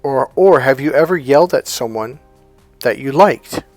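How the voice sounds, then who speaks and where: A man's voice: mid-range voice, animated, normal speed, no room sound, faint music behind. A middle-aged man explaining coaching techniques in an informal teaching monologue, acting out quoted dialogue as he goes. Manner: conversational, acts out quoted dialogue. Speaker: life coach and NLP trainer.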